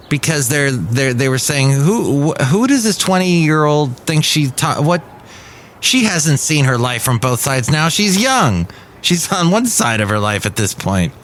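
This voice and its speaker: Male solo podcaster, mid-pitched, loose and opinionated, light room noise behind. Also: fairly bright tone. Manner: rambling, wry, opinionated asides. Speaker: podcast host. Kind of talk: casual solo podcast monologue.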